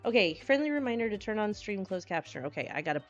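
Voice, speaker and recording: A woman streamer chatting casually with her live chat. She is bubbly and scattered, and she greets people with excited squeals. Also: medium pitch, rapid-fire. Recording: dull lo-fi stream audio with faint music.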